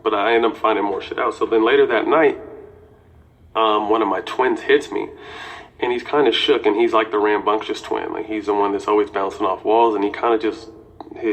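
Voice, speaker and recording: A man's voice: on the low side, a bit bright, low-quality recording. A man in his forties telling a personal story casually and candidly, with swearing and lots of "you know".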